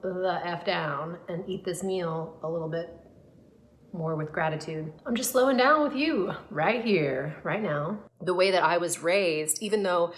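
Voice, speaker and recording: A woman's voice: lowish voice, unhurried. A woman gut health coach talking to camera in a casual, earnest, reflective way, with frequent fillers and restarts.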